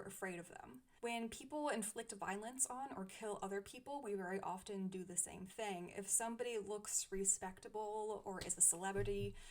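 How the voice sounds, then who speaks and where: Thoughtful woman reviewing books, laughing softly. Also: medium pitch. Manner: thoughtful, frequent small laughs. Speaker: book reviewer. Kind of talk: casual book review.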